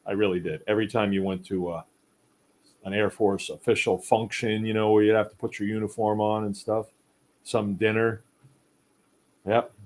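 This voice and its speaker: A man's voice: on the low side, flat delivery, normal speed, pauses often, a little mellow. A middle-aged man hosting a casual chat, rambling in a folksy way and reading viewer comments aloud. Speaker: podcast host. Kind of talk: casual live-stream chat.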